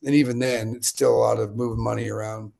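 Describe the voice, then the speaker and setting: A man's voice: medium pitch, flat delivery, quick pace, creaky, a little mellow. A man in his late thirties from Utah, a guest telling a long story in a casual, digressive interview style. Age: late 30s.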